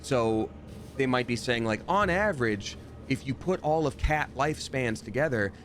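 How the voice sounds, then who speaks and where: A man streaming a game live, chatting and reading out chat, breaking into loud surprised outbursts. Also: medium pitch, expressive, normal speed, a little hiss or hum.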